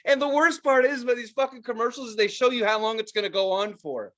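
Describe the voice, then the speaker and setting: A man's voice: high-pitched, quick pace. A man from the United States co-hosting a podcast, ranting casually with lots of swearing and mock-quoting others. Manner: animated, swearing, mock-quoting advertisers in raised voice. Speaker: podcast co-host. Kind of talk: casual profane rant.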